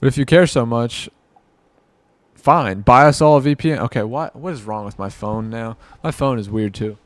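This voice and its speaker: A man's voice: medium pitch, moderate pace, no echo. A man giving rambling, exasperated reaction commentary, muttering to himself and mocking what he watches. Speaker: commentary vlogger.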